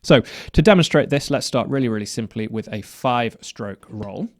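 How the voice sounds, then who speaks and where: A man's voice: mid-range voice, expressive, normal speed. A man teaching snare drum technique, explaining step by step and counting strokes aloud. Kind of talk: instructional explanation.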